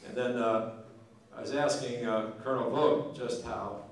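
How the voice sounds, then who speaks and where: A man's voice: mid-range voice, steady tone, normal speed. Man, after-dinner storyteller, folksy, does the characters' voices; heard from far off in a big echoing hall. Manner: folksy joke-telling, acts out characters. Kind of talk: storytelling speech. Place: large banquet hall.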